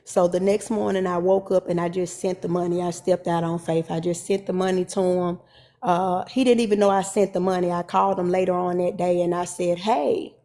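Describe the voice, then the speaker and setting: A woman's voice: fairly low pitch, little pitch movement, brisk, mellow. A woman telling a personal story to her viewers in a casual, conversational way. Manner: conversational, Southern Black vernacular, addresses viewers as y'all. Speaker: storyteller and minister.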